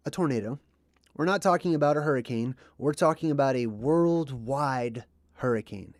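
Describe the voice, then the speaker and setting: A man's voice: fairly high pitch, no room sound. Dry-voiced man rambling on a livestream. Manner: rambling and conversational, with frequent ums and asides. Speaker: livestream host. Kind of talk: casual livestream talk.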